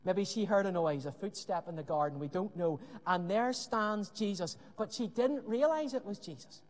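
A man preaching a sermon with earnest emphasis and dramatic pauses, often dropping to a hushed voice. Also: high voice. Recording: long hall reverb.

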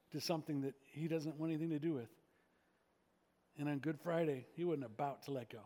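A man preaching as pastor, telling stories with frequent restarts and hushed dramatic drops. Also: on the high side, in a large hall. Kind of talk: sermon.

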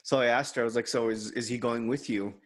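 A man of ordinary pitch, talking casually on a podcast. He tells a personal story candidly and quotes others in his own voice. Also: fairly even intonation, fast. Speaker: podcast co-host. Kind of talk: casual chat.

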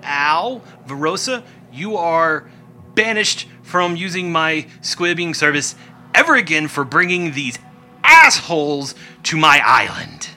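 A man voicing a scrawny little male harbor fixer who talks high, loud and excitable. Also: unhurried, faint music behind, exaggerated voice. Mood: blustering.

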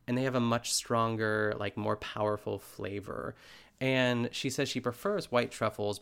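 This podcast host has a gravelly, medium-pitched voice. He keeps the talk loose and chatty, packed with filler words and frequent laughter.

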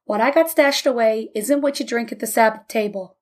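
A woman's voice: a little high, fairly quick, lightly acted. Woman doing a wisecracking old man. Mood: wry. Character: wisecracking old man, fast-talking and blunt.

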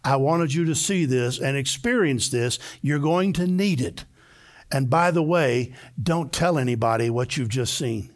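A man's voice: medium pitch, a little slow. A male pastor preaching a sermon to a live congregation, telling the story emphatically and acting out the voices of the people in it. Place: church before a live congregation.

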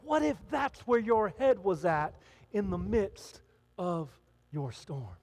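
A male pastor delivering an animated sermon, his voice sitting high and swooping widely as he acts out the people in the story. He speaks in a hall where his words ring out with a long reverb. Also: takes it slowly. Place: hall with an audience.

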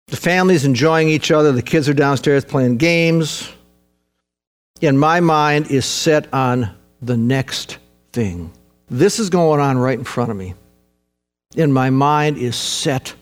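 A man preaching a sermon as pastor, earnest and conversational, repeating key points for emphasis and dropping to a hushed tone for reflection. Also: mid-range voice.

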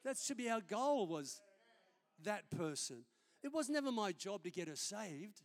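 A man's voice: high-pitched, big pitch swings, a little slow. A man, a senior pastor preaching a sermon in a conversational, storytelling way during a church service.

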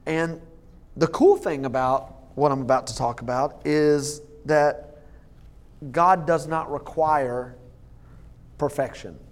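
A man preaching a sermon as lead pastor, joking and laughing at his own jokes, halting with many fillers and restarts. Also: fairly high pitch.

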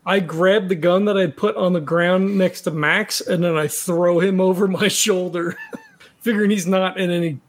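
A man's voice: high voice, fairly even intonation, moderate pace. A man playing a tabletop game, describing his character's actions in a laid-back way. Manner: laid-back, swears casually. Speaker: player. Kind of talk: casual tabletop play.

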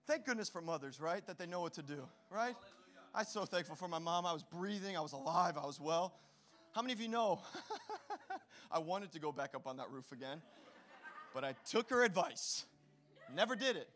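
A man preaching a sermon as pastor, telling animated stories with playful asides to his congregation. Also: sits high, brisk.

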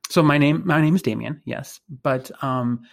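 A man reflecting on faith and identity in conversation, thinking aloud with pauses and restarts. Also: mid-range voice, vocal fry. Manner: thoughtful, hesitant, many fillers and restarts.

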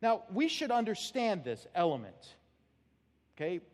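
A male pastor preaching a sermon, telling an animated personal story and laughing along with it. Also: high voice, unhurried. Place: church sanctuary. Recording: long hall reverb.

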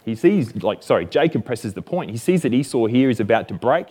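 A man's voice: mid-range voice, very animated, a little fast, hardly any pauses, darkish tone, slightly rough. A man with an Australian accent giving a casual, jokey Bible lesson, often correcting himself. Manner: chatty and jokey, self-correcting.

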